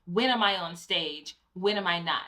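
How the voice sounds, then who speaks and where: Woman, bright voice, casual conversational co-host, anecdotal. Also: fairly low pitch, moderate pace. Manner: conversational, advice-giving, personal anecdotes. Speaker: co-host, Broadway actor. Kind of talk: casual chat.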